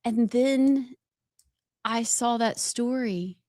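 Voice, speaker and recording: A woman's voice: fairly high pitch, very slow, dark tone, dry recording. Chatty woman co-host. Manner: chatty, self-deprecating. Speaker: radio show co-host. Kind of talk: casual talk-show chat.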